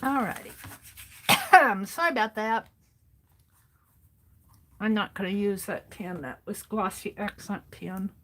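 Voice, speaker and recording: A woman's voice: mid-range voice, slow, pauses often, fairly bright tone. A woman streaming her craft work, chatting casually and muttering to herself as she tidies and sews. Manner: chatty, talking to herself while tidying and sewing. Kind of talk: casual craft livestream chat.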